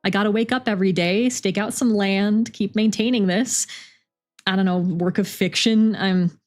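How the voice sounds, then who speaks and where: A woman's voice: mid-range voice, fairly even intonation, moderate pace, darkish tone, close to an everyday voice. A tired, sarcastic young woman athlete read by a woman streamer, sighing and cursing her way through a hard day. Her voice sits in an ordinary middle range. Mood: wry. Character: weary young woman football player, wry.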